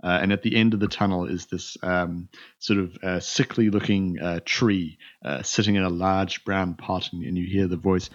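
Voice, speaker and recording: A man narrating as game master of a tabletop game, halting with many restarts. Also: low-pitched, fairly even intonation. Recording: muffled lo-fi recording.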